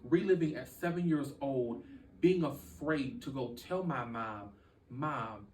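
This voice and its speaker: A man telling a deeply personal story as a podcast guest, speaking earnestly with halting restarts. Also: warm tone, echoey room, far from the mic, slight background noise, low-quality recording.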